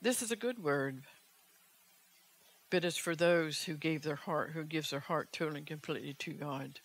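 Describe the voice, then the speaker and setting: A woman's voice: deep voice, normal speed. A woman evangelist preaching a fervent sermon, urgent in tone and pressing the listeners with rhetorical questions.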